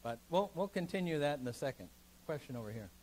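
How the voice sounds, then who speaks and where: A man's voice: fairly high pitch, fast talker, a little hiss or hum, poor audio. A man, a pastor, leading a seminar in a church meeting room, teaching emphatically and taking questions. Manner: emphatic, animated teaching that takes listeners' questions.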